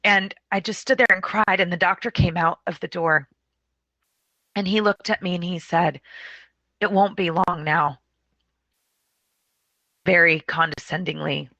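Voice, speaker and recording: Middle-aged woman, doula telling a story to an audience, bright and a bit low, dry sound, emotional. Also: normal speed, vocal fry, no room sound, lo-fi sound. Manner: emotional, vivid retelling with acted-out quotes. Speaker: doula and consumer advocate. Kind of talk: personal storytelling in a presentation.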